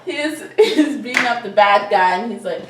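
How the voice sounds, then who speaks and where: A woman's voice: fairly high pitch, animated, normal speed. A woman recapping a TV episode in casual chat, rambling and restarting her sentences as she describes the scenes. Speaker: podcast co-host. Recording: distant mic in an echoey, noisy room.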